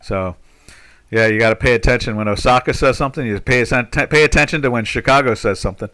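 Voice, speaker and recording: Older guy from the states chatting live about markets, rambly, lots of "you know"s, mid-pitched. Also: fast talker, pushed and bright. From United States. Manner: rambling, full of "you know" fillers and restarts. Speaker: trading webinar host. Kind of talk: live market commentary chat.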